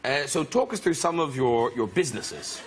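A man with an Irish accent hosting a chat show, teasing his guests with quick-witted banter. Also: mid-range voice, very animated. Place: television studio with live audience. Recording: noisy studio, loud audience laughter.

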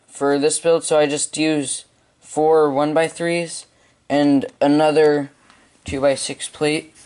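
Guy slowly walking thru a brick build, lots of ums, unhurried. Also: a little high, a little mellow, clear, resonant tone. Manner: unhurried, halting instructions with frequent ums. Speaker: hobby video maker. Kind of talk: step-by-step building tutorial.

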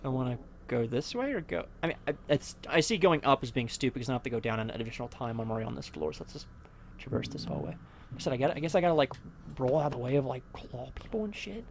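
A man's voice: mid-range voice, lively intonation, racing, creaky, background noise. A young man nervously talking through a horror game as he plays, rambling and muttering to himself. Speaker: let's play host. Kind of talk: casual gameplay commentary.

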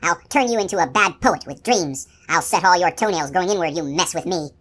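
A man's voice: a little high, fast talker, fairly bright tone, lightly acted. A woman voicing Schmendrick, a weary self-doubting magician. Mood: furious. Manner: bitter, pleading, flares into frantic curses. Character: shabby, self-doubting male magician, middle-aged.

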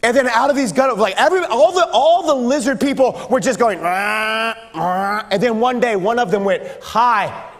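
A man's voice: extremely high pitch, animated, quick pace, few pauses, big-room sound. A man preaching a sermon to a youth group, playful and joking as he acts out sounds. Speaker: pastor. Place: church sanctuary.

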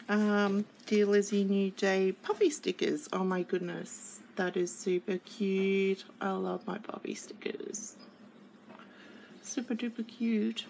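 A woman's voice: mid-range voice, gravelly, slight background noise, poor audio. A woman casually unboxing craft kits, chatty and gushing as she flips through papers and stickers. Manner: gushing and chatty, with many fillers. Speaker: craft kit reviewer.

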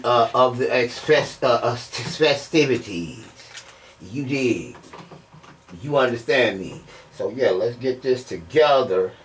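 A man giving excited commentary over a fighting game he is playing. He often breaks into shouts and keeps asking his viewers whether they understand him. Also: mid-range voice, slight background noise. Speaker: gameplay streamer. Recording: voice distant from the mic.

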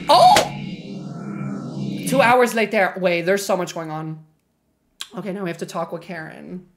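A young woman streaming a game live, chatting to her viewers with loud, slangy, profane outbursts over game music. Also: lowish voice, moderate pace.

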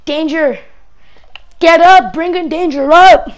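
A woman voicing a cocky male wrestling champion in a game, speaking his lines in a lower, quieter, smug tone. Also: takes it slowly.

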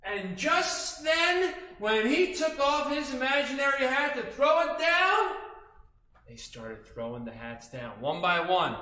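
A man tells a children's story and coaxes young listeners to play along. His voice sits very high and bright and is delivered slowly. A roomy echo surrounds him. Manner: playful, animated, coaxing the audience to join in. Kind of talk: interactive storytelling for kids. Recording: echoey room.

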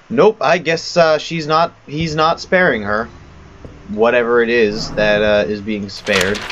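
A man's voice: mid-range voice, measured pace, fairly bright tone, dull audio. A man giving rambling, self-mocking let's play commentary on a horror game. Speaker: gamer.

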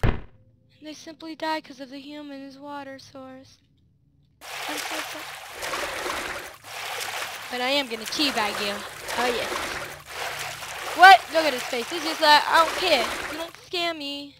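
A woman giving let's play commentary, excitable, shrieking and yelling at the screen. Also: high voice, a little slow, pauses often. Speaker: gaming video host. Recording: loud noisy hiss under the voice.

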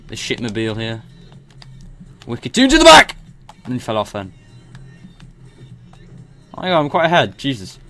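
Rambling young man narrating his gameplay. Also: lowish voice. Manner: rambling, excitable, swears and laughs. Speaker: gameplay commentator. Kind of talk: casual gameplay commentary.

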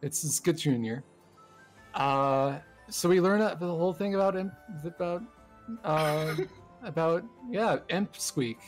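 A man talks his group through a recap of their last tabletop game session, rambling and poking fun at himself. His voice sits a little high. Faint music plays beneath him. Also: takes it slowly. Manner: rambling, self-deprecating, laughs through his lines. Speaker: player giving the session recap.

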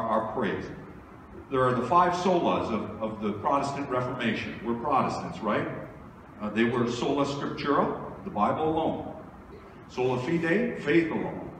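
A man's voice: medium pitch, expressive, moderate pace, a bit bright, slight background noise. A male pastor preaching a sermon in a conversational style, asking his congregation rhetorical questions. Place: church sanctuary. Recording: echoey church hall from far off.

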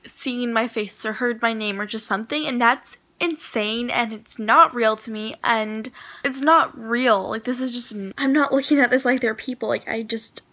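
High-voiced gushing young woman vlogger. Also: sharp tone, rough recording. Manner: breathless, gushing, lots of "like" and "oh my god". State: congested, sick. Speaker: YouTuber. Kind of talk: emotional thank-you vlog. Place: at home at a computer.

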